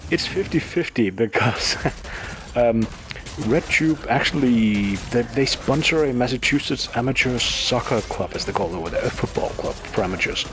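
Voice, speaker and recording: A man's voice: mid-range voice, animated, normal speed, background noise. Chatty man explaining the news. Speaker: podcast co-host. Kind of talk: casual chat.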